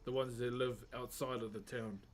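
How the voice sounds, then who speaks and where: A man's voice: medium pitch, fairly even intonation, normal speed. A man from rural New Zealand with a matching accent, chatting casually and jokingly with viewers on a live stream, calling them brother. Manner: laid-back, jokey, calls everyone brother. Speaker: wood carver streaming live. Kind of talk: casual livestream chat with viewers.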